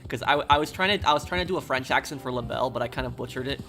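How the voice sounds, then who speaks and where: An American man streaming casually, rambling with many halting pauses and reading chat comments aloud. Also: medium pitch. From United States. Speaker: game streamer.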